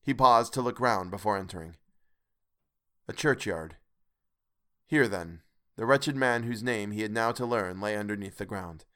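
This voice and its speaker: A man narrating a classic story in a measured, expressive reading. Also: on the low side, clean tone. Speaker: audiobook narrator. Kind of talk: scripted narration.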